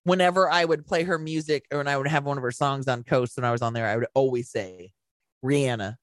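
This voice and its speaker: A man's voice: mid-range voice, fairly even intonation, quick pace, a bit bright, no room sound. A man co-hosting a podcast in casual chat, laughing often as he jumps from one story to the next. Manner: chatty, laughs often, jumps between stories. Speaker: podcast co-host.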